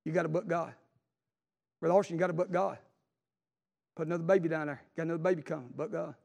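A man preaching an impassioned sermon to a congregation, swinging between soft asides and fervent, rising exclamations. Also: fairly high pitch, fairly even intonation, quick pace, gravelly, big-room sound. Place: church sanctuary.

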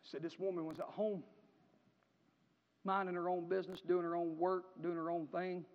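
High-voiced preacher in an echoing hall. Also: male voice, level tone, moderate pace. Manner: folksy storytelling that builds to impassioned shouting. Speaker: pastor. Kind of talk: sermon. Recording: echoey hall, dull lo-fi sound.

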